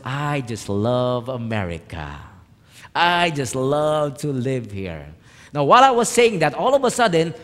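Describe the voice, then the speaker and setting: A man, a pastor telling a personal story in a sermon, swinging from hushed lines to loud emphatic ones. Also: mid-range voice. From Philippines. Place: church hall. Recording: reverberant church hall.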